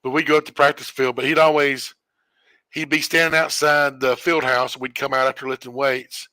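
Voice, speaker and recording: A man streams a game while telling a long, rambling story in casual chat, correcting himself and chuckling as he goes. His mid-range voice is bright and forceful with little pitch movement, his pace is normal, and the recording has no room sound.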